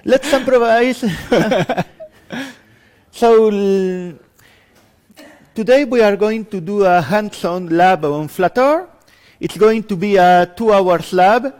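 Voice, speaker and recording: A man with a Spanish accent, his voice pitched notably high, presents to a conference room at an unhurried pace. He keeps it loose and self-deprecating, chatting with the audience between points. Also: a little mellow. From Spain. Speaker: conference speaker. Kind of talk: improvised hands-on lab introduction.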